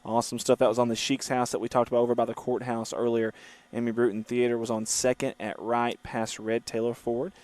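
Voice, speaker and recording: A man's voice: medium pitch, little pitch movement, a little fast, a little mellow, no room sound. A man hosting a casual livestream from a moving car, chatting and reading viewer comments aloud. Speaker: livestream host. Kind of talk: casual driving livestream chat.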